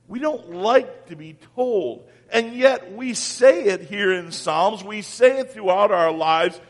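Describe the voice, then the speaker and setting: A man preaching a sermon as pastor, swinging from loud calls down to near-whispers. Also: sits high, animated, slow pace, few pauses, in a large hall.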